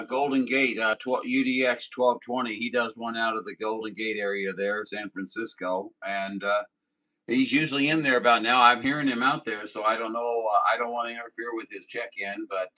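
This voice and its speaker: A man's voice: medium pitch, steady tone, brisk, pushed and bright, poor audio. A man from southern Missouri chatting casually on a CB radio frequency, folksy and apologetic, with lots of fillers. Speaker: CB radio operator.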